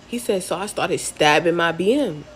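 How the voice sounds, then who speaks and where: A woman's voice: fairly low pitch, expressive, moderate pace, slight background noise. A young woman telling a casual storytime from her time in prison, loose and slangy, with many fillers.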